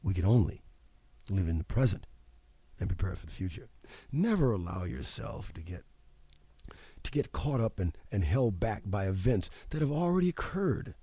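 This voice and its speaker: Emphatic husky-voiced man giving pep talk. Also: lowish voice, very animated, moderate pace, mellow, no echo. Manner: emphatic, preachy, repeats phrases for effect. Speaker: radio show host. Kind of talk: motivational talk.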